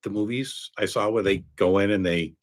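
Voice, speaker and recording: A man co-hosting a casual interview, cutting in with quick remarks. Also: on the low side.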